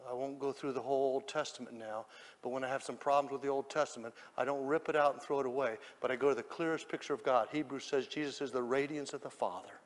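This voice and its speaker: A man preaching a sermon, telling the story dramatically and swinging from hushed lines to shouts. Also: mid-range voice, fairly even intonation, fast, long reverb tail.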